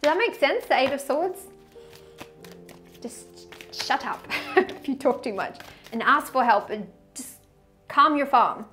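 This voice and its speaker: A woman's voice: high voice, very animated, slow pace, pauses often, sharp tone, soft background music. A woman giving a casual tarot reading to camera, chatty and effusive, often laughing and trailing off mid-sentence. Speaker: tarot reader.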